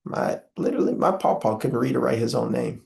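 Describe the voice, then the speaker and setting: A man's voice: medium pitch, little pitch movement, a little fast, vocal fry, a little mellow. A young man, speaking as an interview guest in an earnest, preacherly way with many filler "uh"s. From Southern US. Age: young adult. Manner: impassioned, preacherly, frequent filler "uh".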